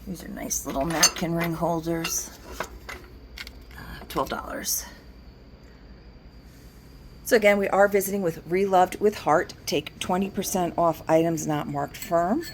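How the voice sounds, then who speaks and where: Woman, low voice, antique shop owner, chatty walkthrough, faint room noise behind. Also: unhurried, pauses often. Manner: chatty, works out discounts aloud. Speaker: antique shop owner showing items for sale. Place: indoors in a large antique shop.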